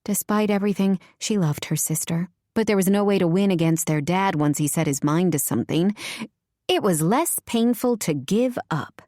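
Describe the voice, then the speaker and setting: A woman narrating an audiobook in a measured, even reading voice, close to a studio mic. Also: deep voice, dry recording. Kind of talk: scripted narration.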